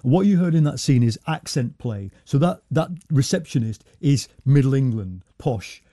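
A man in his sixties as a guest on a radio discussion, reflective and halting with restarts. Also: mid-range voice, animated, warm tone, no echo, studio quality. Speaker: guest commentator. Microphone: studio mic.

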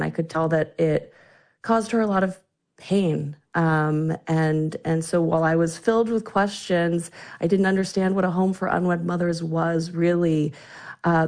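A woman's voice: lowish voice, creaky, a little mellow. A woman in her forties, an author being interviewed on the radio, telling a personal family story in an earnest, reflective way with frequent restarts. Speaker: author and guest.

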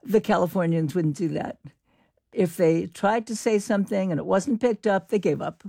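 Older woman guest with gravelly voice. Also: on the low side, normal speed, warm tone, no room sound, clean studio sound. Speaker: linguist guest. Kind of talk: interview answers.

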